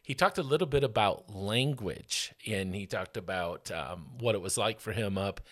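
A man from Michigan hosting a casual podcast, playful and jokey, with bursts of loud excitement. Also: fairly low pitch, normal speed. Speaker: podcast host.

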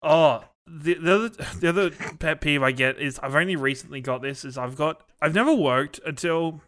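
A young Australian man with a bright, sharp voice talks on a roundtable podcast. He explains things earnestly and at length. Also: fairly high pitch, moderate pace. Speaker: IT service desk worker on a podcast panel. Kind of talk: casual roundtable chat.

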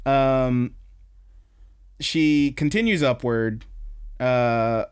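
A man's voice: mid-range voice, slow, clear, resonant tone. A young man hosting a podcast, casually rambling through an anime episode recap and acting out the lines. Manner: rambling, animated retelling, acts out quotes. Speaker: podcast host.

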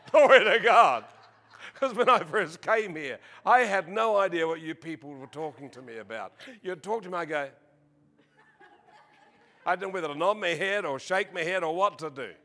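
An Australian man preaching a sermon, joking with the congregation and crying out praises, reading scripture slowly and with emphasis. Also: on the high side, fairly bright tone. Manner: jokey, peppered with exclamations of praise. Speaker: visiting preacher.

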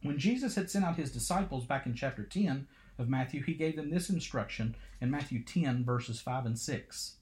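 A man's voice: mid-range voice, normal speed, a little mellow. A man preaching a sermon in a dramatic way, full of rhetorical questions.

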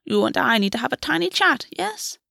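A woman's voice: sits high, big pitch swings, brisk, creaky, no room sound, studio quality, pitched above the performer's own voice, full character voice. Woman voicing a swaggering, mocking fae queen. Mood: playful menace. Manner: mocking yet warm, swears freely. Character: brash, teasing female fae queen, a clawed bird shifter.

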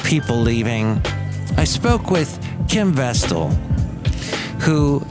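A man hosting his own podcast, talking in a rambling, wry and self-deprecating way, now and then slipping into quick silly voices. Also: medium pitch, big pitch swings, loud music behind the voice. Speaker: podcast host. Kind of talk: rambling solo podcast monologue. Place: Bay Area.

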